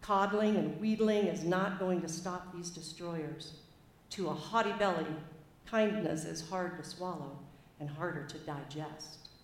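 A woman's voice: fairly low pitch, measured pace. A woman reading aloud as an aged male leader, a stern fatherly lawgiver, in a put-on American Southern accent with an emphatic, folksy cadence. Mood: stern counsel. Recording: echoey room.

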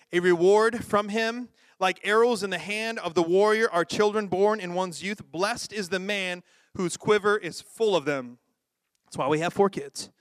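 A man preaching a sermon in a lively, joking way, often acting out quoted voices. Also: sits high, clean tone, no room sound, clean studio sound. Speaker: pastor.

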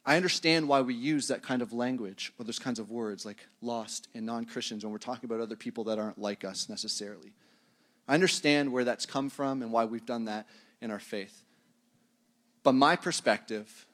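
A man's voice: medium pitch, a bit bright. Conversational pastor, a man preaching. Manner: conversational and self-deprecating, chuckles at his own tangents. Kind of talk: sermon.

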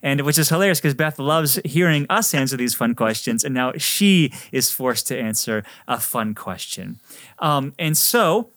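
Gentle priest hosting an interview, dry sound. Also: male voice, medium pitch, expressive, normal speed, no room sound. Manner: gentle, hesitant with many uhs. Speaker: host, priest. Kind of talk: podcast interview.

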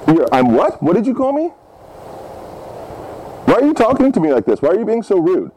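A man's voice: sits high, huge pitch swings, brisk, warm tone, a little hiss or hum, rough recording. A man putting on a cranky deaf old grandpa. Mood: confused. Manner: indignant, rambling, demands respect. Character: cranky hard-of-hearing 73-year-old grandfather. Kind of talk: prank phone call.

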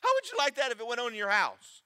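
A man preaching a sermon, emphatic and preachy, swinging between loud and soft. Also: extremely high pitch, huge pitch swings, fast. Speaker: pastor.

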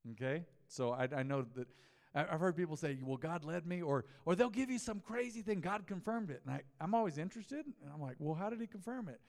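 Chatty pastor in a reverberant church hall. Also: male voice, on the high side, expressive, fairly quick, darkish tone. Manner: conversational, storytelling, asks the congregation questions. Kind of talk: mid-week sermon. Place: church sanctuary.

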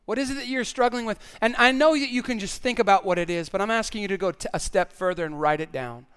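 Man, pastor, sermon, high voice, earnest, stammering repeats for emphasis. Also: quick pace, fairly bright tone, clear, resonant tone. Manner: earnest, repeats words when stressing a point.

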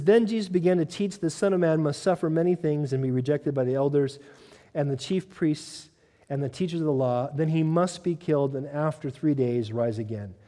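Animated pastor preaching in a reverberant hall. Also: male voice, a little high. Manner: animated preaching, acting out quotes, laughs. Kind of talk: sermon. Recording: long reverb of a large hall.

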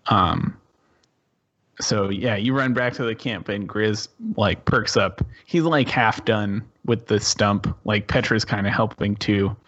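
A man running a tabletop game, narrating slowly with lots of restarts and laughs. His voice sits low, and the recording sounds a bit muffled and lo-fi. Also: fairly bright tone. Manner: halting, laughing often. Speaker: game master.

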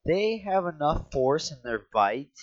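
A man co-hosting a casual podcast chat, teasing and animated as he argues his points. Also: a little high, unhurried, dry recording. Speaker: podcast co-host. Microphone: home setup with monitoring. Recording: dull lo-fi mic.

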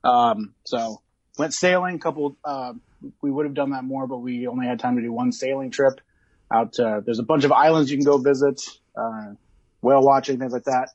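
Man, podcast guest, casual chat, hesitant, laid-back, husky, dull lo-fi sound. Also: medium pitch, fairly even intonation, normal speed, darkish tone, no echo. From Illinois. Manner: hesitant, full of ums and uhs, laid-back.

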